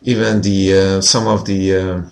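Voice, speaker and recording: Lower-voiced man telling his story. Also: level tone, unhurried, gravelly. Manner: earnest, frequent "you know" fillers. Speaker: healer interviewed as guest. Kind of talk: personal storytelling in conversation.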